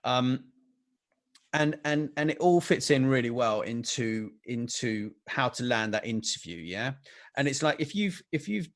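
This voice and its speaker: A man's voice: medium pitch, lively intonation, measured pace, no room sound, clean studio sound. A man hosting a podcast, giving blunt, straightforward advice in casual chat. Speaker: podcast host.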